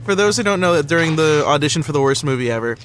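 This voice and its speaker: A man co-hosting a casual chat, telling a story in an animated way and swearing freely. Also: on the high side, quick pace, a little hiss or hum. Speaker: co-host.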